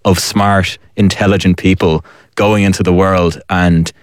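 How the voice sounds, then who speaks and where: An Irish man in his late twenties speaks as a radio panel guest. His voice sits very low, and he muses slowly through his thoughts with hesitant restarts. The studio sound is close and dry. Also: flat delivery, dry recording. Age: late 20s. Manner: thoughtful, reflective, hesitant starts. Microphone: studio microphone.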